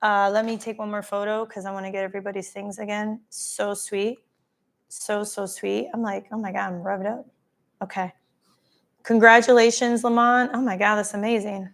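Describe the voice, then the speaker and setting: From a holiday spot during her travels, a woman hosts a casual live stream and reads out viewers' comments, thanking them by name effusively. Her mid-range voice has a flat delivery and a moderate pace.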